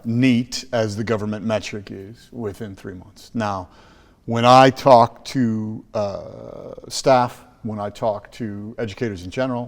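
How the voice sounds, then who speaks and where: Emphatic American man, reverby room. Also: fairly low pitch. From Chicago. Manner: emphatic storyteller, frequent restarts and repeated words. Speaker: guest, school trust leader. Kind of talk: podcast interview.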